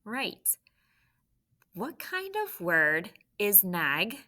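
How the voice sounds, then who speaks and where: A woman's voice: mid-range voice, sing-song, very slow, sharp tone. A woman teacher leading a spelling lesson, sounding out words letter by letter.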